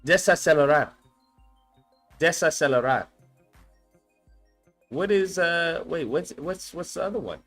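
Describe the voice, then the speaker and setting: A man chats casually on a live stream in an unhurried drawl, muttering words over and over as he practices them. He curses freely while he puzzles things out, and his voice sits a little high. Faint music plays behind him. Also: expressive, fairly bright tone. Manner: swears a lot, thinks aloud, repeats words to practice. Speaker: streamer reacting to a language lesson.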